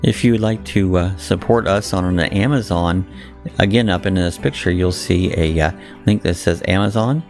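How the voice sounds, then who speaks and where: Gravelly low-voiced man over soft guitar. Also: moderate pace. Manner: plain, explanatory walkthrough. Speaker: channel host. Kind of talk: casual channel outro. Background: faint guitar music.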